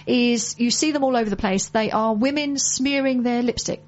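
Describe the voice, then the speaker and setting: A woman's voice: a little high, normal speed. A woman from the UK hosting a casual radio show, chatting and reminding listeners about charity events. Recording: muffled lo-fi broadcast audio.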